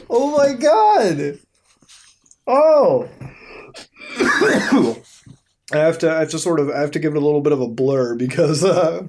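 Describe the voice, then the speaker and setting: A man hosting a casual commentary while browsing websites, rambling and swearing freely, often breaking into high-pitched laughter. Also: dark tone. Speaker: host.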